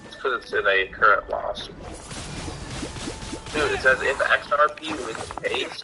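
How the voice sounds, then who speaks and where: A young man streaming a game, chatting casually, loud and excitable with plenty of swearing. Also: mid-range voice, over music, low-quality recording. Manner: loud, profane, excitable, quick to laugh. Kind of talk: casual chat while gaming.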